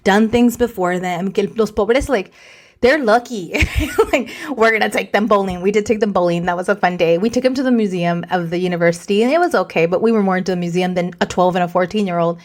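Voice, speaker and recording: A woman's voice: medium pitch, fast talker. A woman in her forties co-hosting a podcast, telling a story in casual chat and dropping in Spanish words. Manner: animated, mixes in Spanish words. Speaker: podcast co-host.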